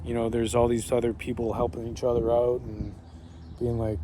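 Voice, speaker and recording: Out among the trees, a man vlogs in a warm, monotone, mid-range voice at normal speed. He muses aloud in a rambling, profane way, frequently starting sentences over, with slight background noise, breeze, and faraway ambient sound.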